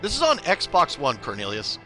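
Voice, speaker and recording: A man's voice: mid-range voice, huge pitch swings, moderate pace, bright, forceful tone, soft background music. A young man streaming a video game live, chatty and upbeat, greeting viewers by name while giving tips. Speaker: gaming livestreamer. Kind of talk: casual live gameplay commentary.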